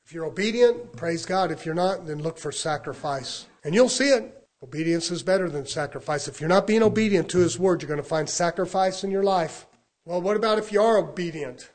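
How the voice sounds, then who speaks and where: A man preaching a sermon, dropping to quiet asides and then rising into loud, fervent declarations. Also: a little high, fairly quick.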